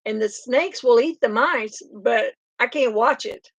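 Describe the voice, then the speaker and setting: A woman's voice: a little high, measured pace, husky, dry recording. An older woman, hosting a casual live stream chat, reading out comments and rambling through stories. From Oklahoma. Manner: chatty, rambling, laughs often.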